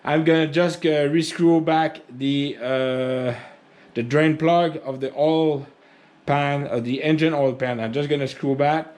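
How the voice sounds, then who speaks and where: Slow-talking man with a French accent. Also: fairly high pitch, fairly even intonation, a little mellow. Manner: rambling, chatty, jokes at himself. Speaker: tractor owner showing maintenance. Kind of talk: casual how-to vlog.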